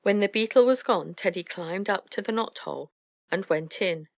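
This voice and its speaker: Woman, children's storybook narrator, gentle, measured, dry close sound. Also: mid-range voice, creaky, no echo. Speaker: audiobook narrator.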